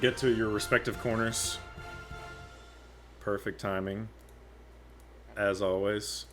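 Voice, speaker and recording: A man narrating a tabletop game as game master, slow and unhurried, with many fillers. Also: lowish voice, fairly even intonation, soft background music.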